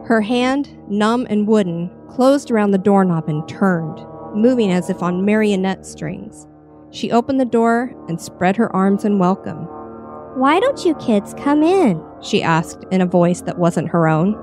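A woman narrates a horror story in a measured, expressive way. Her voice sits at a middle pitch, with faint music playing behind. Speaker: story reader. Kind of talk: dramatic horror story reading.

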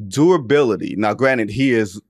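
A man in his forties talking sports on a podcast in a lowish voice, recorded close and dry with no room sound. He speaks emphatically, jokes, and leans into slang. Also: normal speed, no echo. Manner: emphatic, joking, drawls into slang. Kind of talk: casual sports chat.

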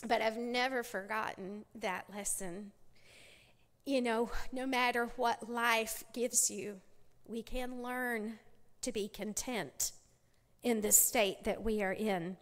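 Speaking slowly and in a steady tone, a middle-aged woman with a slightly high voice gives her testimony at a church women's conference. She tells it as a story, with many restarts and acted-out quoted voices, and the church sanctuary adds a long hall reverb.

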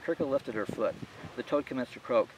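A male author narrates his own novel in a steady, measured reading. His voice sits in a middle range. The mic is a bit distant with faint noise underneath. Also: mid-range voice. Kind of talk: audiobook narration.

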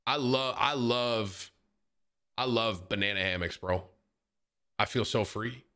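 A man's voice: lowish voice, slow pace, pushed and bright. A man streamer chatting casually and joking. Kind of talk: casual chat.

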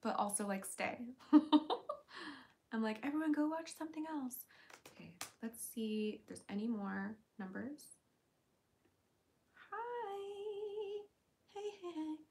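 A woman's voice: animated, normal speed, creaky, darkish tone. A woman hosting a casual livestream, reading viewer comments aloud in a playful, chatty way. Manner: jumps to a high baby voice when calling her cat. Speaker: livestream host.

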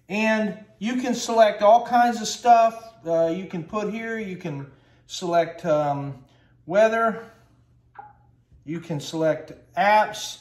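A man filming a casual, folksy how-to walkthrough by his kitchen refrigerator on a handheld phone, chatting and grumbling as he goes. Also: sits high. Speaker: home how-to vlogger. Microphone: handheld phone camera. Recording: echoey room.

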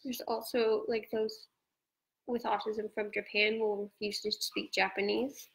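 A woman from Australia hosting a live-stream conversation, explaining ideas in a relaxed chatty way over a video call. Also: mid-range voice, unhurried, gravelly, poor audio. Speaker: host.

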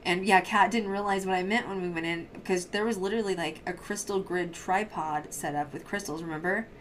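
A woman's voice: fairly low pitch, steady tone, a little fast, slight background noise. A woman hosting a casual paranormal podcast, chatting in a bubbly, rambling way and telling stories. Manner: bubbly, rambling storyteller with frequent laughs. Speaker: podcast host. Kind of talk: casual chat.

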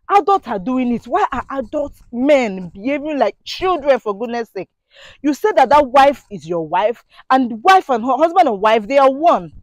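High-voiced indignant woman vlogging. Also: no room sound. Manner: preachy, indignant, rhetorical questions. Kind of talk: impassioned monologue to camera.

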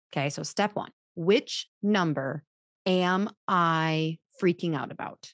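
A woman's voice: lowish voice, slow, dry recording, clean studio sound. A woman chiropractor hosting a podcast, talking through business advice in a chatty, self-mocking way and acting out the voices she quotes. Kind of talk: casual advice talk.

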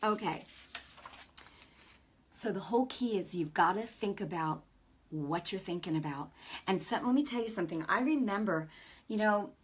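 A woman's voice: medium pitch, lively intonation, normal speed, pauses often, breathy edge. A middle-aged woman hosting a Christian broadcast, preaching straight to viewers in a conversational, emphatic way. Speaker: host and Christian teacher. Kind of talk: preaching to camera.

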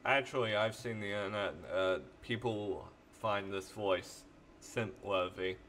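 Man, let's play host, casual rambling commentary, swears, slow delivery, bright tone. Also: on the low side, steady tone, a little hiss or hum.

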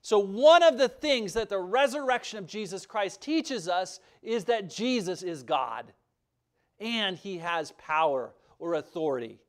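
Male pastor, emphatic conversational sermon, high and lively voice, quick asides.

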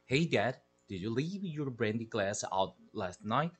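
A man with a Korean accent voicing an excitable young boy who talks eagerly to his parents. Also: medium pitch, a little slow, slightly rough.

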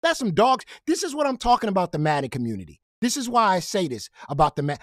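A man on a heated, profane rant about his gaming community, his pitch leaping up and down as he gets worked up. He stumbles and repeats words when excited. The voice sounds close and dry, with no room around it. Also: fast, hardly any pauses, no room sound. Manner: animated, profane, confrontational. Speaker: gaming commentary host. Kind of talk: ranting commentary.

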